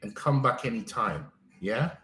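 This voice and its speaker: A man's voice: mid-range voice, expressive, measured pace, bright, forceful tone. A man hosting a live coaching stream, offering repetitive and affirming spiritual encouragement to a caller. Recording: roomy sound with faint music.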